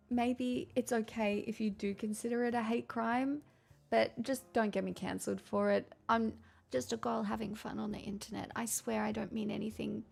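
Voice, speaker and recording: A woman's voice: mid-range voice, vocal fry, slightly rough. A young Australian woman streamer chatting casually, rambling and swearing freely. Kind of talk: casual livestream chat.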